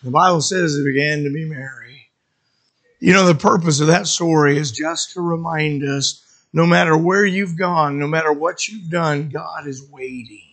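A man preaching a sermon and telling stories dramatically, swinging from loud to hushed. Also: a little high, moderate pace. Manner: dramatic storytelling, sudden shifts from loud to hushed.

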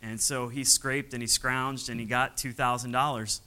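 Bright-voiced man telling his testimony. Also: medium pitch, level tone, moderate pace, clean tone, low-quality recording. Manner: storytelling, chuckles often, acts out quotes. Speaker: missionary pastor. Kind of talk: testimony from the pulpit.

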